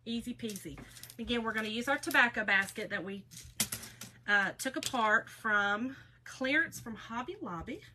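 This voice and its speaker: A woman's voice: on the high side, normal speed, background noise. A middle-aged woman, hosting a casual craft livestream in a folksy, chatty way and greeting viewers by name.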